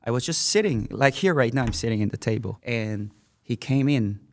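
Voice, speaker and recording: A middle-aged man, an evangelist, earnestly telling a personal testimony on a podcast, with emphatic, halting restarts. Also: medium pitch, animated.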